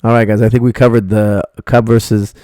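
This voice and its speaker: A man's voice: lowish voice, level tone, a little fast, mellow, clean tone, no room sound, studio quality. A middle-aged man, a martial arts coach, bluntly rambling through viewer questions on a live stream.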